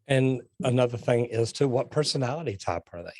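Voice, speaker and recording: A man's voice: mid-range voice, brisk, dry recording, clean studio sound. A man speaking as a guest in a casual interview, direct and to the point, telling stories with acted-out dialogue. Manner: animated storytelling with quoted dialogue. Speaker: plumber and sales guest.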